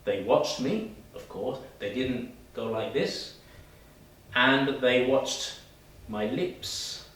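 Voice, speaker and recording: A man gives an English pronunciation lesson at a slow, measured pace. He stretches out example words with deliberate mouthing. His voice comes from some distance off the mic and rings in a strongly echoing room. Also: mid-range voice, slight background noise. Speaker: English teacher. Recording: roomy echo, voice from a distance.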